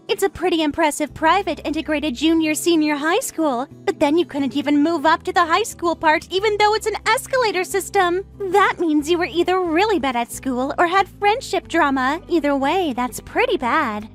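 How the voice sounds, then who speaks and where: Very high-pitched and barely pausing, a woman moves at a moderate pace as she performs a condescending, arrogant young sister-in-law in a dramatized text-message tale. Her delivery is scornful and mocking, with faint music underneath.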